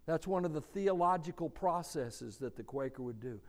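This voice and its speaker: A male preacher giving a sermon in a church, slow and conversational, asking the congregation questions. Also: fairly high pitch, animated.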